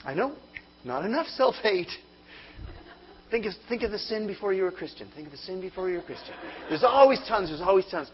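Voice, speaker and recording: A man preaches with a high, lively voice that swings up and down as he acts out comic inner voices. The recording is a little muffled, with a faint hum behind him. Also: brisk. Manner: animated, comic storytelling with mock inner voices. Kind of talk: sermon.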